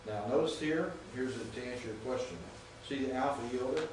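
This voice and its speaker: The Greek teacher talks fairly quickly in a mid-range voice, patiently teaching and frequently checking comprehension. The recording comes from far off in an echoey room, with background noise.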